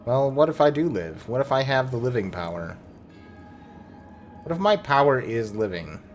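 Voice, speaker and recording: A man's voice: medium pitch, lively intonation, moderate pace. A man streaming a game, chatting casually with joking, profane asides, with faint game music behind. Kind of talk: casual gameplay commentary.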